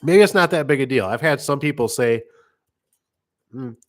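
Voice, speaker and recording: A man's voice: medium pitch, animated, normal speed. Middle-aged tradesman, casual rambling anecdotes, everyday voice, fits a business owner's vlog. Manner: rambling, acts out customer voices. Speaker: garage door business owner. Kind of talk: casual storytelling monologue.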